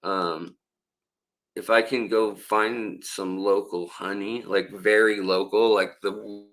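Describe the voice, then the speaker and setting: A man's voice: lowish voice, fairly even intonation, slow pace, fairly bright tone, rough recording. A man hosting a casual livestream, rambling with many fillers and restarts while he reads out and answers viewer comments. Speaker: livestream host.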